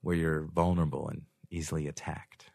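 A man's voice: very deep voice, level tone, fairly quick, gravelly, a little mellow, no room sound, clean studio sound. A young man hosting a podcast in casual chat, rambling and joking, laughing often. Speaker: podcast host. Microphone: studio microphone.

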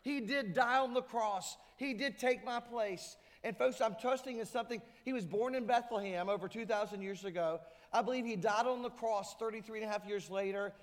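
A man's voice: high voice, a little fast, hardly any pauses. A man preaching a sermon to his church, emphatic, sometimes acting out the voices of people in the story. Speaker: pastor. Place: church sanctuary. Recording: hall reverb.

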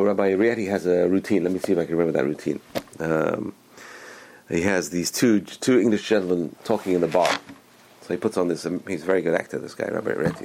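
A man's voice: low-pitched, a little mellow, slight background noise. A man giving a spoken religious talk as a teacher, enthusiastic and repeating words for emphasis.

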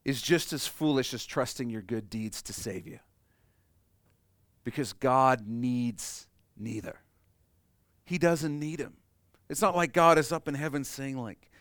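Male pastor preaching, gets loud then drops soft, dry sound no room echo. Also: unhurried, long pauses. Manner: swings from loud emphatic peaks to soft low asides. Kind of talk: sermon.

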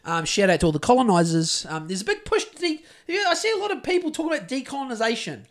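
A man's voice: very high-pitched, very animated, fast talker. A man with a New Zealand accent co-hosting a podcast in casual chat, rambling, crude and sardonic, often trailing off and restarting his sentences. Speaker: podcast co-host.

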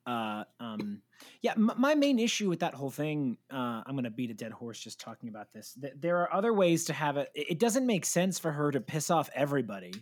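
A woman guest on a podcast in casual chat, animated and prone to mocking voices. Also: low-pitched, fairly quick.

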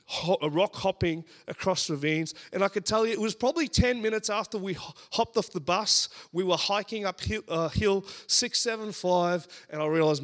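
An Australian man in his thirties preaching a sermon, telling stories in an animated, humorous way. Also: sits high, moderate pace, hardly any pauses.

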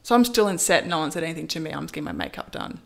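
A woman in casual storytelling, lively, acting out quoted lines with big pitch jumps. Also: rapid-fire, creaky. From Australia. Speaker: model, interview guest.

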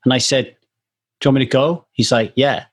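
A man chats on a podcast with a slightly husky voice, telling stories with lively quoted lines. He talks casually, as if to a friend. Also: medium pitch, brisk. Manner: animated storyteller, acts out quoted voices. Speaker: podcast co-host.

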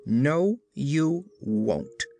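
A man's voice: fairly high pitch, animated, drawn-out words, gravelly, warm tone, heavily acted. A man voicing a stern but tender-hearted male tin emperor in a storybook reading, speaking in earnest, emphatic declarations. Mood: firm.

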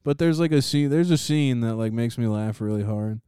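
Young man, casual chat, rambling, laughs a lot, dark mellow tone, dry close sound. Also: mid-range voice, moderate pace, clear, resonant tone, dry recording. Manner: rambling storyteller, laughs often. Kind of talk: casual chat among friends.

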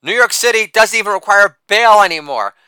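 A man's voice: sits high, animated, fairly quick, smooth, dry recording. A middle-aged man reading his own satirical rant in a profane, sardonic way. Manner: profane and sardonic, with a shouted catchphrase.

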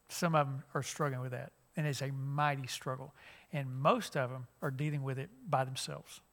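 Man, middle-aged, youth minister, gravelly, slightly high pitch, folksy rambling lesson. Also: fairly bright tone. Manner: folksy, conversational, many fillers and restarts. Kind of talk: church conference lesson.

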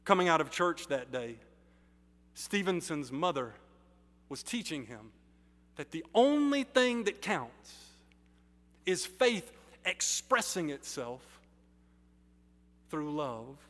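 A male pastor preaching a sermon in slow, deliberate phrases with emphatic pauses, in a church sanctuary. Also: a little high, sing-song, a bit bright. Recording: reverberant sanctuary hall.

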